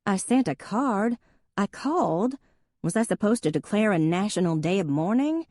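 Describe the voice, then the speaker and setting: A woman's voice: medium pitch, lively intonation, normal speed, dark tone, no echo, clean studio sound, voice pushed up, close to an everyday voice. A woman voicing a wisecracking younger sister who puts on a drawling good old boy accent. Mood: dry sarcasm.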